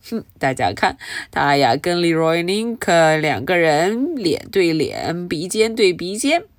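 In a clean studio recording with no room sound, a fairly low-pitched woman takes her time reading and explaining a storybook. She's expressive and keeps putting questions to her listeners.

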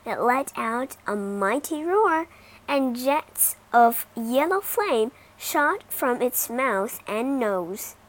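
Slow, animated woman reading a storybook. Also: on the high side. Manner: very slow and expressive, dramatic. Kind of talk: children's storybook narration for English learners.

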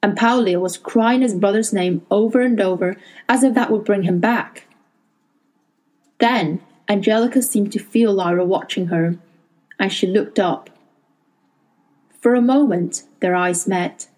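Woman narrator, audiobook reading, warm mellow tone, measured delivery. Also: mid-range voice, rough recording. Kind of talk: reading a novel aloud.

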